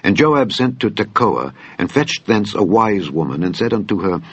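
Deep husky man reading scripture solemnly. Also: very animated, no room sound. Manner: solemn, measured, archaic phrasing. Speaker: Bible reader. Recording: dull lo-fi dry recording.

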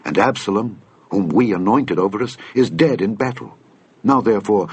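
Guy reading the bible slow and solemn, low husky voice. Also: darkish tone. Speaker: scripture reader.

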